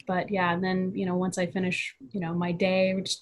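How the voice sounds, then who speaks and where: A woman's voice: fairly low pitch, monotone, moderate pace, a little hiss or hum. A woman in her thirties, a guest in a casual interview, talking in a chatty way, often laughing and saying "you know". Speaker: guest, VFX artist.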